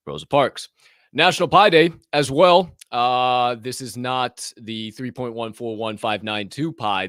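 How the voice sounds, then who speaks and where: A man's voice: on the low side, fairly bright tone, no room sound, studio quality. A man hosting a podcast, joking and swearing casually, laughing at his own bits. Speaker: podcast host. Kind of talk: casual chat.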